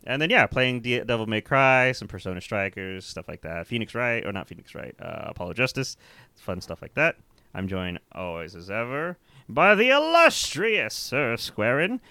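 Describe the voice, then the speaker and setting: A man's voice: on the low side, sharp tone, smooth, dry recording. Laughing, swearing young man co-hosting a podcast. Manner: swears freely, laughs often, rambling. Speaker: podcast co-host. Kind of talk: casual chat.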